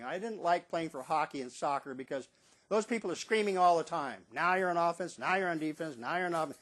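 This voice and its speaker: A man in his seventies telling stories in a casual monologue about his years as a stadium bugler, acting out what people said in a raised voice. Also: fairly high pitch. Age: 70s. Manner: animated storyteller who acts out quotes in a raised voice.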